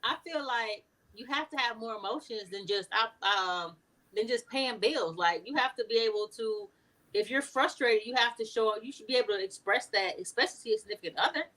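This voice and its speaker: A woman co-hosting a casual podcast discussion, playful and quick to laugh, speaking her mind. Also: fairly high pitch, pushed and bright, poor audio. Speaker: podcast co-host.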